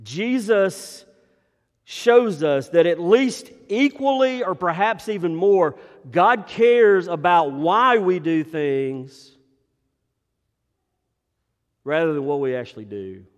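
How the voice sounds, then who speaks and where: A man preaching a sermon as pastor, swinging between emphatic rises and hushed, quiet drops. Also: high voice, animated, takes it slowly. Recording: long reverb of a large hall.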